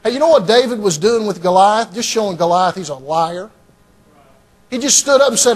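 A man's voice: high-pitched, lively intonation, a little fast. A man preaching a sermon as pastor, emphatic and repetitive, often starting lines with "hey" and "see".

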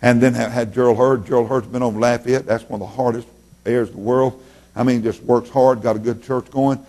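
A middle-aged man preaching a folksy sermon in a church, his voice jumping up loud and then falling low. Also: fairly quick. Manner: folksy, animated preaching with sudden loud rises and drops. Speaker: pastor.

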